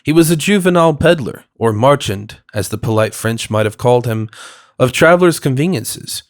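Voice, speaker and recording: A man narrates a classic novel in a measured, steady way. His voice sits at a middle pitch. The studio recording is dry and close. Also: no echo. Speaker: audiobook narrator. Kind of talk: scripted narration.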